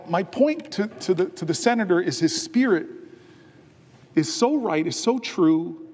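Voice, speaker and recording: A senator giving an impassioned floor speech, telling stories and building to emphatic, drawn-out stresses. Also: male voice, sits high, darkish tone. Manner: earnest storytelling that swells into emphatic, drawn-out stresses. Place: large legislative chamber. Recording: long reverb of a large chamber.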